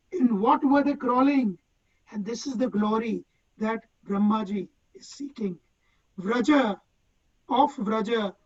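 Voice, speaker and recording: Slow, deliberate man teaching scripture. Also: very high voice, lo-fi sound. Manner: recites Sanskrit verse then explains word by word. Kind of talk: devotional scripture class.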